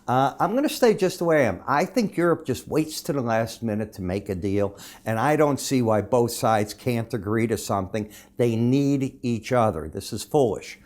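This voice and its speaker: A man's voice: medium pitch, animated, moderate pace, darkish tone. A man giving daily market chart commentary, talking to viewers in a conversational way, calling them folks and asking himself questions before he answers them.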